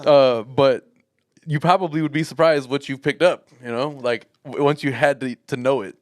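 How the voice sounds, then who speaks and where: A man's voice: medium pitch, fairly even intonation, normal speed, no echo. Easygoing man on a dry mic. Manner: easygoing, agreeable, chuckling. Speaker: podcast co-host. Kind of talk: casual chat.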